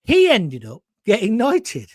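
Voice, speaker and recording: A man's voice: sits high, wildly swooping pitch, slow pace, a little mellow, no room sound, studio quality. A middle-aged man hosting, telling a rambling story with frequent swearing, restarts and asides. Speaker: host. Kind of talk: casual storytelling monologue.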